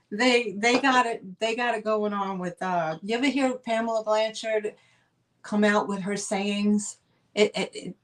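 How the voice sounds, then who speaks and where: A woman's voice: mid-range voice, rough recording. A woman, hosting a live online sale in a chatty, gushing way and talking straight to her viewers. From northern United States. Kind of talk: casual live sale chat.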